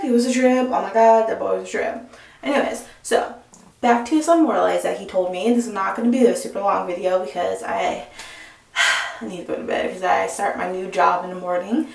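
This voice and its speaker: A young woman vlogger telling a story in a casual, animated and profane way. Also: medium pitch, normal speed, vocal fry, distant mic. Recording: echoey room, voice off-mic.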